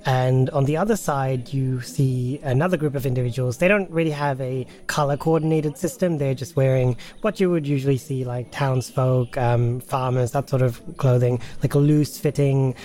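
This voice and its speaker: A man running a tabletop role-playing game podcast as game master, narrating in a relaxed, chatty way. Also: medium pitch, moderate pace, hardly any pauses.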